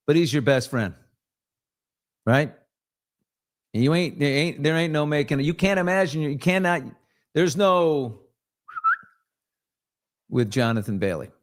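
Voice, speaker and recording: A middle-aged man hosting a casual live morning talk show, blunt and sarcastic, now and then mimicking other voices. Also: mid-range voice. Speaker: host.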